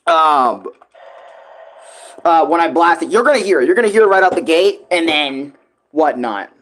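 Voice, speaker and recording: A man with a fairly high voice rambles through a casual vlog, piling up fillers like "right" and "whatnot" and dropping swear words along the way. He sounds unscripted and loose. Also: animated, moderate pace, fairly bright tone. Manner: rambling, profane, lots of filler. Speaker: music creator vlogging.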